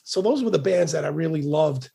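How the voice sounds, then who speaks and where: A man's voice: on the high side, lively intonation, brisk, vocal fry, warm tone, slightly rough. A middle-aged man, a guest musician on a casual podcast interview, talking in a profane, rambling way with frequent repeated words.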